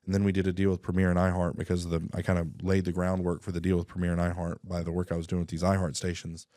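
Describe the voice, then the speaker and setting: A man telling his life story in a casual interview, animated, acting out dialogue and often clearing his throat. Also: sits low, no room sound, clean studio sound. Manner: animated, acts out dialogue with quick voice shifts; frequent throat clearing and restarts.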